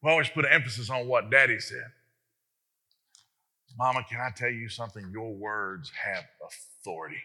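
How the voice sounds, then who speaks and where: A man preaching a sermon as pastor, animated and emphatic, often speaking straight to the congregation with rhetorical questions. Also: mid-range voice, moderate pace, breathy edge.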